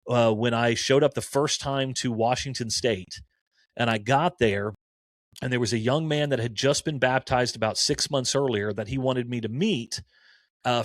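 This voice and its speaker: A man's voice: mid-range voice, no room sound, clean studio sound. A man in his forties, a campus minister, telling stories in casual conversation and acting out the quoted dialogue. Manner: animated storyteller who acts out quoted dialogue.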